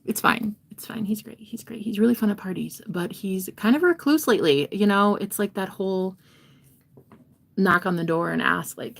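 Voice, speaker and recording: A young woman giving a casual tarot reading to her viewers, playful and talkative, swinging between loud bursts and soft whispered asides. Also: mid-range voice, moderate pace, vocal fry. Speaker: tarot reader and streamer.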